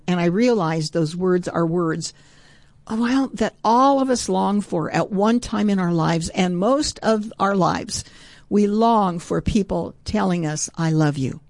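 A woman's voice: fairly low pitch, dry recording. Earnest woman teaching scripture, dry close sound. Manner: warm, earnest, reads scripture aloud with growing excitement. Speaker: Bible teacher. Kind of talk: devotional Bible teaching.

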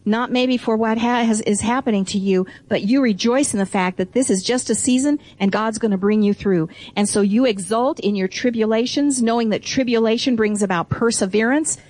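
A woman's voice: fairly high pitch, fairly quick, hardly any pauses, a little mellow. A middle-aged woman co-hosting a Bible teaching program, reading and explaining scripture with enthusiasm. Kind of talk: conversational preaching.

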